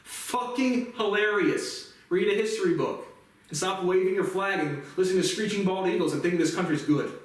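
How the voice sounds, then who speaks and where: Man, profane rambling rant, fairly high voice, very echoey room, distant mic. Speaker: vlog host. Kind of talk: solo rant monologue.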